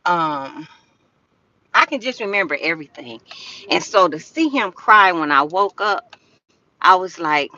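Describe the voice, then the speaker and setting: An older woman chatting casually on a livestream, talking straight to her viewers in a slow drawl. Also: medium pitch, big pitch swings, sharp tone, muffled recording. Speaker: live streamer. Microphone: phone.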